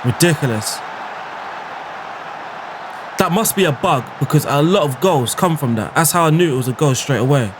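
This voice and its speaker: A man's voice: on the high side, expressive, moderate pace, pauses often, noisy background. A man commentating on his own football game as a YouTuber, exclaiming and groaning at every chance. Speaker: gaming YouTuber.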